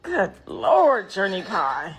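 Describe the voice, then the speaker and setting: Slow-talking woman teasing her toddler. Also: mid-range voice, huge pitch swings, husky, faint music behind. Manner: teasing, playful baby talk. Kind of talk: playful social media clip.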